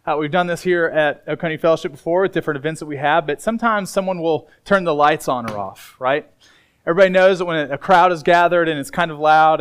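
A male pastor preaching to his congregation in a relaxed, emphatic, conversational way. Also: a little high, smooth. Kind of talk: sermon. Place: church sanctuary.

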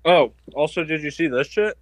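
A man's voice: a little high, expressive, normal speed. A man chatting over a video call on a tablet, easygoing and hesitant, with lots of ums. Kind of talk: casual video call chat.

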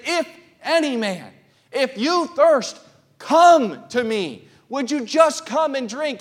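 A pastor preaches in church with a notably high male voice, his sermon growing into loud, impassioned cries. He breaks off to put questions to his congregation and see that they're following.

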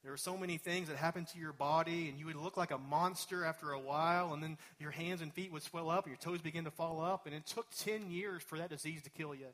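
A man's voice: a little high, steady tone, fast, few pauses, fairly bright tone. A male pastor preaching a sermon, talking conversationally and building up to emphatic peaks.

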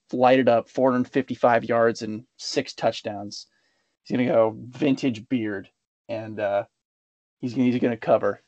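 A man of middle pitch co-hosts a sports betting podcast. He rambles through his picks and laughs often. His voice is recorded dry and close. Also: darkish tone, no echo, lo-fi sound. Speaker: podcast co-host. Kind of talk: casual sports betting chat.

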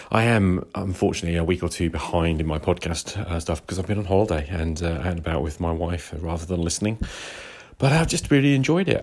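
A male caller leaves an enthusiastic, friendly voice message. His deep voice carries a gravelly fry. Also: darkish tone. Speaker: caller, fellow podcaster. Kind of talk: recorded voice message.

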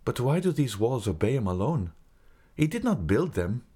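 A man's voice: mid-range voice, very animated, normal speed, dark tone, husky, pitched above the performer's own voice. A man voicing an impatient, anxious young male nobleman who asks urgent, pleading questions.

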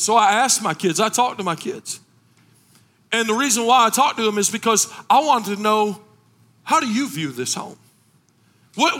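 A middle-aged man preaching a sermon as pastor, impassioned, rising into shouted, sung cadences. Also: high voice.

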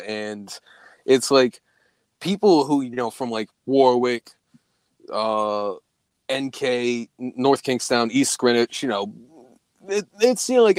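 A young man casually telling a spooky story, swearing a lot and jumping to a high voice when he quotes himself. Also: no echo. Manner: profane, animated, voice jumps high when quoting himself.

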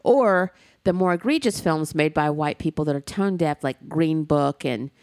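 A woman's voice: low-pitched, normal speed, a little mellow, dry recording. A woman co-hosting a casual chat show, talking in a blunt, emphatic way and swearing freely. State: tearful near the end.

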